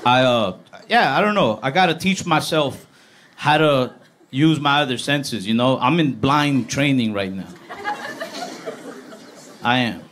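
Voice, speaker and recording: A man's voice: medium pitch, expressive, measured pace, long pauses. A man doing stand-up with dry, sarcastic storytelling. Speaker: stand-up comedian. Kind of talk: stand-up comedy set. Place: comedy stage before a live audience. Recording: noisy live club recording.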